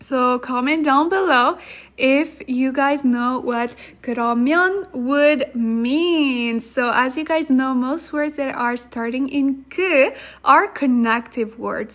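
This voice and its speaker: High-voiced woman teaching a live lesson. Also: fairly bright tone. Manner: chatty, thanks viewers, reads sentences slowly then fast. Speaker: Korean language teacher on livestream. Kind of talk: livestream language lesson.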